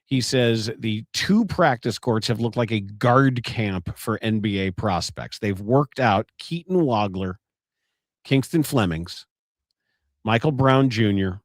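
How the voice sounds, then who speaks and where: A man co-hosting a casual sports podcast, reacting quickly and reading out news reports. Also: lowish voice, expressive, dry recording, clean studio sound. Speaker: podcast co-host.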